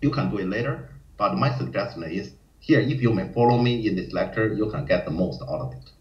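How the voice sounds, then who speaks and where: A man teaching a Go lecture in non-native English, often acting out panicked players in a high voice. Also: lively intonation, brisk. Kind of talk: live-streamed lecture. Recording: roomy, dull lo-fi stream audio.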